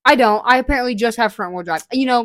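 A young woman co-hosting a podcast, telling a story in a lively way and acting out the voices in her tale. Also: on the high side, fast talker, dry recording, clean studio sound. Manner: animated storytelling with shrieking acted-out quotes. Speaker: podcast co-host. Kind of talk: casual chat.

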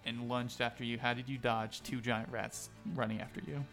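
A man acting as game master narrates a tabletop game in a casual, crude, rambling style full of filler. His voice is mid-pitched, a bit bright, level in tone and moderately paced, and faint music plays in the background.

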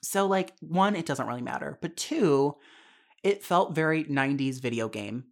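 A young adult podcast host reviews a film on his own in a casual, chatty, candid way, full of fillers and asides. His medium-pitched voice is animated at a moderate pace, and he swears freely and laughs often.

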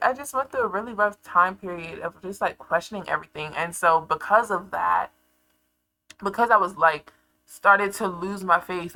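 A young woman talks straight to her audience in a casual confessional vlog. Her voice has a gravelly fry on a low-pitched base, yet it comes across bright and sharp. She tells her story with animated flair and laughs easily. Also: poor audio. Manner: animated storytelling, laughs often, acts out her past self. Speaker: vlogger.

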